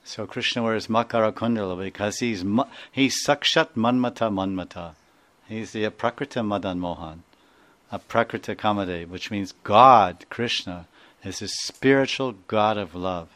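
A man's voice: lowish voice, normal speed, fairly bright tone. Man giving a rambling devotional talk. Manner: digressive, laughs often, sings out sounds. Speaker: spiritual teacher. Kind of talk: devotional lecture.

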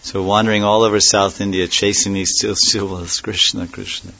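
A man with a very low voice gives a devotional lecture on a dull, lo-fi recording. He speaks reflectively, dwelling on and repeating key words, with a chuckle here and there. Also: level tone, a little fast, gravelly, sharp tone. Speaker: spiritual teacher.

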